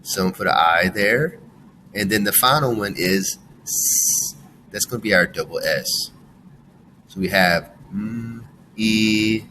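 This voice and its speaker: A man teaches young readers, sounding out each letter slowly with an animated, bouncing delivery. His voice sits a little low, with a faint hum of room noise behind him. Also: low-quality recording. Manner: slow, sounding out letters and praising. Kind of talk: phonics lesson for children.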